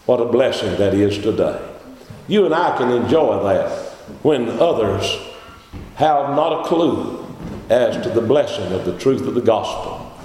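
Fervent preacher in echoey hall. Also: male voice. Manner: fervent, swings from low drawl to shouts. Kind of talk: sermon. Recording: echoey hall with faint background.

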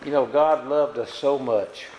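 Unhurried and a touch mellow, a man delivers a sermon in a mid-range voice with fairly even intonation. His plain, folksy style leans on tag questions to the congregation, and the church sanctuary gives it an echoey hall reverb.

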